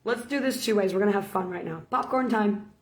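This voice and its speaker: A woman preacher delivers an informal sermon vlog as casual storytelling, playful and laughing between points. Her mid-range voice runs a little fast, and the recording sounds roomy and echoey.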